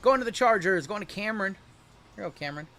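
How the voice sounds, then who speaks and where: A man's voice: sits high, lively intonation, quick pace, music in the background. A man hosting a livestream card break, calling each pull with jokey, upbeat banter. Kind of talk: livestream card-opening commentary.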